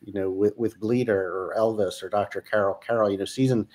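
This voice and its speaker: A man's voice: on the low side, steady tone, brisk, darkish tone. A man talking as a guest in a casual interview chat, enthusiastic and full of fillers. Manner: enthusiastic, laughs often, many fillers. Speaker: series creator guest.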